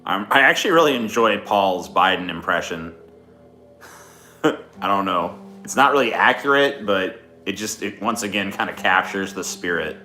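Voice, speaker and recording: A man's voice: deep voice, animated, moderate pace, sharp tone, soft background music. A man talking casually on a livestream, blunt and liberal with swearing. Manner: blunt and profane. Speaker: streamer.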